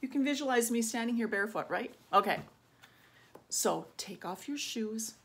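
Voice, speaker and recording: A woman's voice: a little high, expressive, normal speed, fairly bright tone, husky. A woman teaching a children's Bible lesson in a church in a friendly, coaxing way, often checking in with "right?". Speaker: children's Sunday school teacher.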